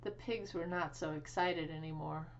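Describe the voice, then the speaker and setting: A woman librarian reading a picture book aloud for children, slow and expressive with sing-song animal sounds. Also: sits low, highs cut off, a little hiss or hum. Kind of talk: children's storytime read-aloud.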